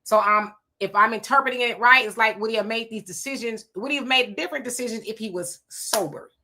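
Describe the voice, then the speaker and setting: A woman's voice: fairly high pitch, fairly quick, background noise. A woman hosting a live stream, chatting casually and giving opinions as she reads viewer comments. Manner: chatty, opinionated, laughing asides. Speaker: livestream host.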